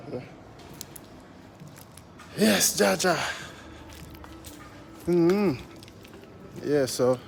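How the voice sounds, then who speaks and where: A man's voice: a little high, slight background noise. A man with a Jamaican accent, hosting a casual vlog outdoors, laid-back and preachy, greeting passersby and tagging his sentences. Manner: laid-back, preachy, repeats "you see me" tags. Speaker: vlogger host.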